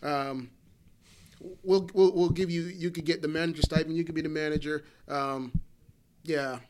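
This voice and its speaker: A man imitating his gruff, blunt older wrestling coach, giving curt, flat orders in a lowered voice. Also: moderate pace, noisy background, lightly acted.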